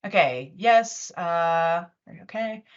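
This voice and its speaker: A woman with a somewhat low voice talks through a live software demo, loose and chatty, with plenty of ums and restarts. The sound is dull and lo-fi, like an online meeting. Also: expressive, extremely slow. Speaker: webinar presenter and user group organizer. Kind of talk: casual live webinar demo.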